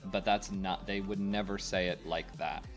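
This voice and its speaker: Low-voiced man chatting to viewers. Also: fairly even intonation, moderate pace. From United States. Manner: rambling, opinionated, full of fillers. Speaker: game streamer. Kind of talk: casual chat with stream viewers. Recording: faint game music behind.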